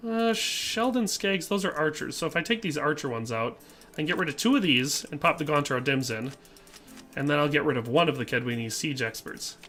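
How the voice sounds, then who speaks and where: A man's voice: on the high side, pushed and bright. A middle-aged man from the American Midwest with a Midwestern accent, chatting casually while playing a game live and reading chat aloud. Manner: chatty, reads chat aloud, frequent fillers. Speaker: streamer. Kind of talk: casual live gameplay commentary.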